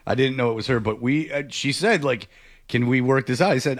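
A man's voice: medium pitch, brisk. A man hosting a sports radio show, telling stories in casual on-air banter and jumping into other people's voices as he goes. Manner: animated storytelling, jumping into voices.

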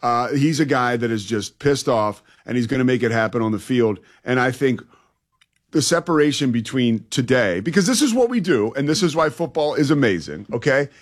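A man's voice: mid-range voice, lively intonation, moderate pace. A man co-hosting a sports talk radio show, emphatic, stretching key words and laughing easily.

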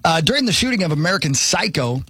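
A man's voice: a little high, sing-song, fast, sharp tone, husky, no echo, studio quality. A man co-hosting a casual chat, wry and self-deprecating. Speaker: podcast co-host.

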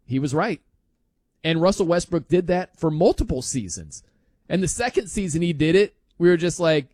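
A man's voice: fairly high pitch, expressive, moderate pace, a little mellow, no room sound. A man hosting a sports talk show, arguing emphatically with incredulous outbursts and frequent laughs. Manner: emphatic, incredulous, laughs often, mimics others. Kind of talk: animated sports talk monologue.

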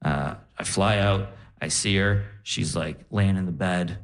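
A young man doing a stand-up set on a live stage, telling animated stories and quoting people in voices. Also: low-pitched, measured pace. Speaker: stand-up comedian.

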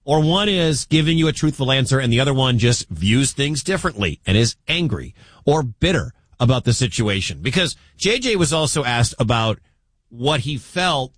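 A man's voice: mid-range voice, expressive, moderate pace, a bit bright, no room sound. A man hosting a sports talk radio show, giving opinionated commentary and talking straight to his listeners in an argumentative way.

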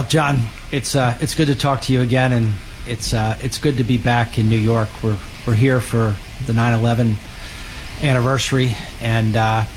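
Measured official over background noise. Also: male voice, medium pitch, rough recording. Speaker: intelligence official as a guest. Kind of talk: interview answers.

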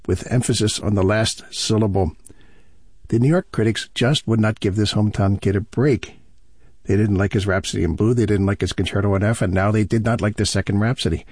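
Husky-voiced male radio host, dry sound. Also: lowish voice, dry recording. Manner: relaxed and chatty, explaining music history. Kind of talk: conversational radio presenting.

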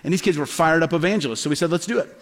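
Speaking very fast, a middle-aged pastor with a distinctly high voice tells stories from the pulpit, animatedly impersonating the people he quotes. The sound carries a long, ringing hall reverb.

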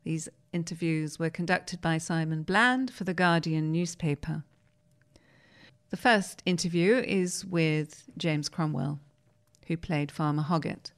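A woman presenting and reading newspaper articles aloud in a measured, plain way. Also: low-pitched.

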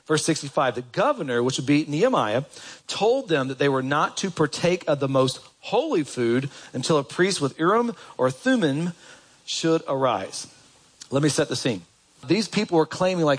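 A man's voice: mid-range voice, expressive, normal speed, breathy edge. A man preaching a sermon in a church, talking in a conversational way and putting questions to the congregation. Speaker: pastor.

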